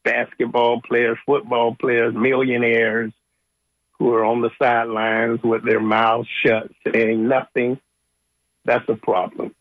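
A man's voice: medium pitch, flat delivery, takes it slowly, no echo. A man calling in to a radio talk show, speaking earnestly and with emphasis. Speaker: caller. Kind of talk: phone-in call. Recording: muffled phone line.

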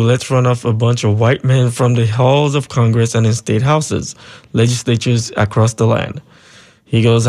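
A man hosting a call-in radio show, reading out listener texts and taking calls, relaxed and loose with frequent ums. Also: mid-range voice. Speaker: radio talk show host.

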